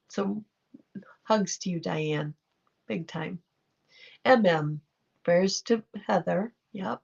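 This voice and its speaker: Slow-talking woman with a gravelly voice. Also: fairly low pitch. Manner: chatty, affectionate, reacts to viewer comments. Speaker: livestream host reading chat. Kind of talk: casual livestream chat. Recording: dull lo-fi livestream audio.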